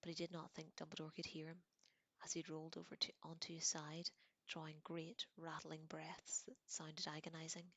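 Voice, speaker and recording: A woman reading a novel aloud in soft, close whispers as whispered role-play, with the odd slip and self-correction. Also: low-pitched, monotone, normal speed. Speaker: audiobook reader.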